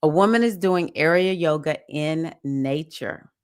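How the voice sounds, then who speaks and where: A woman's voice: low voice, unhurried, smooth. A woman with a Southern US accent hosting a casual live-stream session as a spiritual teacher, reading viewers' comments and cheering them on. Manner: warm, encouraging, reads comments aloud and cheers viewers.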